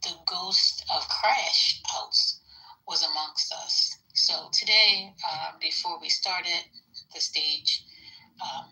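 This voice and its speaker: A woman hosting a casual live talk stream, chatty and hesitant with many ums, dropping into soft asides. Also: on the low side, slow, poor audio. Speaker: host.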